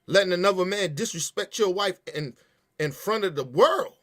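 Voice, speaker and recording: A man's voice: sits high, animated, normal speed, a bit bright. A man rants through heated, profane commentary. He talks emphatically and animatedly, hammering his points again and again. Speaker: podcast host.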